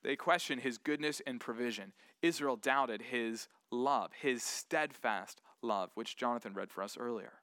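A man's voice: medium pitch, measured pace, few pauses, a bit bright, no room sound, studio quality. A man preaching a sermon earnestly and animatedly, acting out the voices of doubters as he goes.

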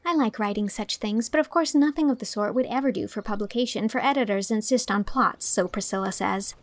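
A woman's voice: mid-range voice, a little fast, natural voice. A woman voicing an imaginative, talkative teenage heroine who gushes dramatically. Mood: cheerful. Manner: effusive, dramatic.

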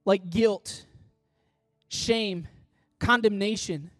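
A middle-aged man preaching a sermon as pastor, passionate and pleading at times, soft and tender at others, on a close mic. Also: high-pitched, expressive, takes it slowly, no room sound, faint music behind. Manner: impassioned, swings from loud pleading to soft tender asides.

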